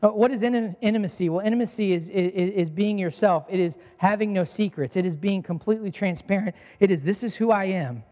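High-voiced preaching man in a reverberant hall. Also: brisk, few pauses, mellow. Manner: earnest preaching with repeated phrases. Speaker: pastor. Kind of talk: sermon.

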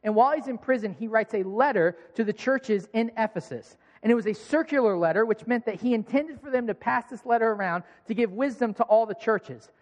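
A young male pastor delivers a sermon in a loose, conversational storytelling way, often tripping over and repeating his words. His voice sits notably high for a man. The sound carries the long reverb of a large church hall. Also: a little fast, few pauses.

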